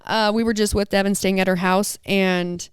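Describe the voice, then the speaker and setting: A woman's voice: medium pitch, moderate pace, smooth, no echo. A woman co-hosting a podcast, telling a funny story in a casual chat, acting out quotes and saying "dude" and "like" a lot. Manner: animated storyteller, acts out quotes. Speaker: podcast co-host.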